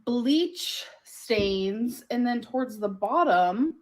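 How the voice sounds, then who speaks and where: A woman with a fairly high voice talks slowly as she narrates a clothing try-on haul. She gushes over each item in a bubbly way and leans on words like "cute" and "like". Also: animated. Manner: bubbly, gushing, lots of "like" and "cute". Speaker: vlogger doing a clothing haul.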